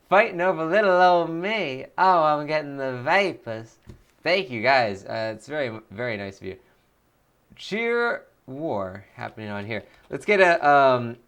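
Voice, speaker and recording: Excitable male streamer, clear voice. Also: medium pitch. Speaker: streamer, game let's-player. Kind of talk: casual live-stream chat.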